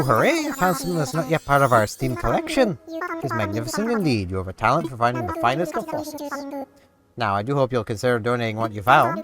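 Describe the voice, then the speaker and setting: A man voicing a fussy, scholarly male owl museum curator in a put-on Irish accent, high, fluttery and grandly formal. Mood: delighted. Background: game music.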